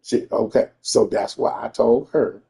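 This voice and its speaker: Gravelly, dark-voiced man ranting. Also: mid-range voice, a little slow. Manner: profane, emphatic, repeats himself. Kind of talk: casual storytelling rant.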